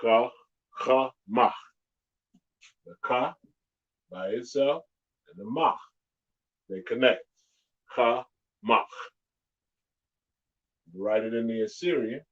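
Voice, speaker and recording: Man slowly drilling letter sounds. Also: medium pitch, dull audio. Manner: slow, drawn-out pronunciation drills; patient, repeats sounds over and over. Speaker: teacher. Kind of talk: live-streamed alphabet lesson.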